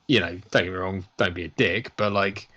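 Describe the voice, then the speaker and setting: A man's voice: deep voice, a little fast, bright, forceful tone. A man casually chatting through a film watch-along, rambling and swearing, laughing often. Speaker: podcast co-host. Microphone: lavalier.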